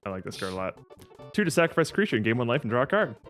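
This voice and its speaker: A young man opening card packs on a stream, chatting casually, reading card text aloud quickly and swearing freely. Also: medium pitch, very animated, fairly bright tone, soft background music. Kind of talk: casual chat.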